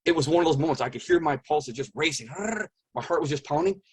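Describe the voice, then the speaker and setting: Earnest husky man groping for words. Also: on the high side. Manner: earnest, halting, searching for words. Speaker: interview guest. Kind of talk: personal testimony in conversation.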